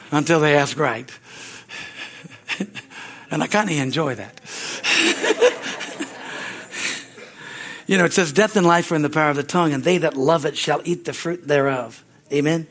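Older male pastor, folksy conversational sermon delivery, light chuckles, slightly high voice. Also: fairly bright tone. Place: church sanctuary.

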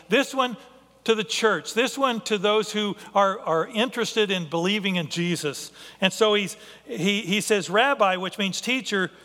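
A male pastor delivers a sermon in a high, bright voice. He is earnest and thinks aloud, often stopping to restart a sentence. The sound carries a long reverb, as in a large hall. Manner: earnest, with frequent restarts and filler.

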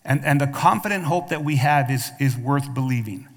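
A man with a medium-pitched voice preaches a sermon at a moderate pace in a church sanctuary with long hall reverb. He calls out for the congregation's responses and often restarts what he's saying with repeats.

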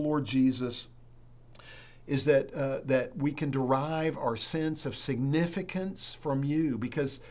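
A man preaching a sermon as a pastor to a church congregation, earnest and emphatic, with dramatic pauses, then leading a prayer. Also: medium pitch, a little mellow.

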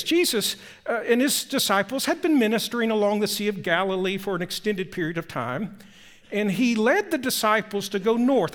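A man preaching a sermon as a pastor, telling the story with emphatic rises and hushed drops. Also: high voice. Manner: animated storytelling, shifting from loud emphasis to hushed tones.

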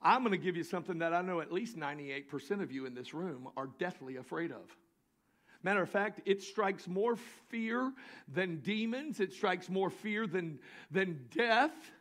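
Southern preacher guy, high voice, rises to shouting and stretches his words out. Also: lively intonation. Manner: builds to shouting, drawn-out emphatic lines. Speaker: pastor. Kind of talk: sermon. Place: church sanctuary.

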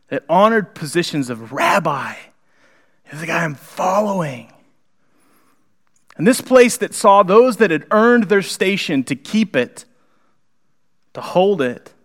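Male pastor, slightly high voice, animated, conversational sermon, acts out characters. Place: church sanctuary.

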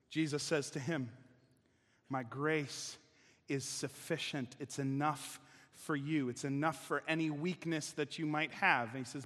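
A man's voice: fairly high pitch, a bit bright. A man preaching a sermon as pastor, conversational and emphatic, often restarting his sentences. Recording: long reverb of a large hall.

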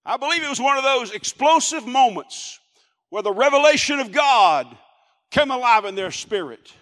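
A man pastor delivering a sermon, swinging from hushed softness to loud shouting in an emphatic, repetitive preaching cadence. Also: extremely high pitch, animated, normal speed, big-room sound.

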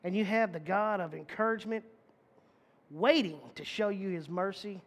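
A man's voice: high voice, normal speed, a bit bright. A male preacher giving a conversational sermon, folksy and emphatic, repeating phrases and restarting sentences as he talks.

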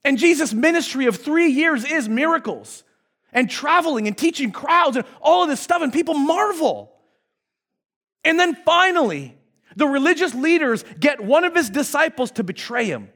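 A male pastor preaching a sermon, retelling a story in a lively, conversational way. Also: very high-pitched, normal speed.

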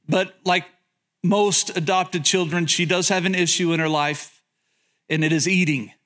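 A man's voice: fairly high pitch, a bit bright. A man pastor preaching a sermon, telling humorous stories, questioning the audience, and often repeating words as he goes. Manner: frequent word repetitions.

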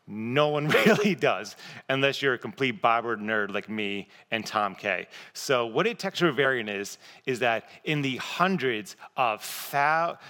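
Male preacher, bright and forceful tone, casual sermon delivery, long hall echo. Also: medium pitch. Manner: casual, conversational, self-deprecating. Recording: long reverb of a large hall.

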